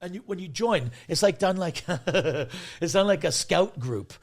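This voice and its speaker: High-voiced man telling excitable comic stories. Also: a little slow. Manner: excitable, restarts sentences, acts out the people in his stories. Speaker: guest comedian. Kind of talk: rambling comic storytelling.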